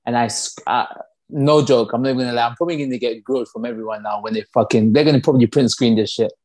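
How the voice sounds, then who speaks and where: A man's voice: mid-range voice, steady tone, rapid-fire, darkish tone. A man with a mid-range voice co-hosting a podcast. He speaks earnestly and gushes with thanks. He swears casually as he goes. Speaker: podcast co-host. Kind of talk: casual chat.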